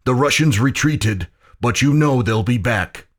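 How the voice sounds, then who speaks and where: A man's voice: mid-range voice, expressive, measured pace. A man voicing a big, commanding male warrior leader who gives firm, urgent orders.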